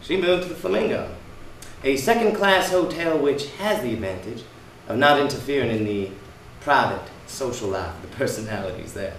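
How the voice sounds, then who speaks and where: A man's voice: mid-range voice, very animated, moderate pace, a little hiss or hum. A man playing a sneering bully husband. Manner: sneering, taunting, forceful. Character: brash working-class husband, mocking, bullying. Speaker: stage actor. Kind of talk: amateur stage play performance. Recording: echoey room, distant mic.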